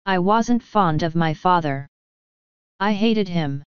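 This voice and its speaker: A woman reading an audiobook, voicing a bitter young woman who speaks in a cold, clear, scornful way. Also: on the low side, lively intonation, takes it slowly, no echo, dull audio.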